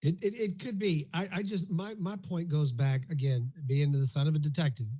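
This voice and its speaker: A man's voice: on the high side, steady tone, moderate pace, dark tone, low-quality recording. A man co-hosting a live online audio discussion, who talks casually and explains his points with acted-out examples. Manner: conversational, explains with examples and acts out his own lines. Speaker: co-host.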